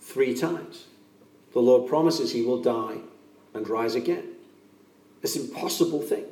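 An earnest man delivers a sermon with a warm, mellow tone, pressing his points home by repeating them. His voice sits a little high for a man and carries the echo of a large room, heard from some distance off the mic. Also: unhurried. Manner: earnest, emphatic, repeats key phrases. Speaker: preacher.

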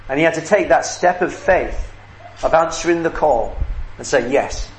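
A man's voice: fairly high pitch, moderate pace. Man, preacher, earnest emphatic sermon, roomy reverb, faint hiss behind. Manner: earnest, repetitive emphatic pleading. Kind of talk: sermon with closing prayer. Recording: echoey room with faint background noise.

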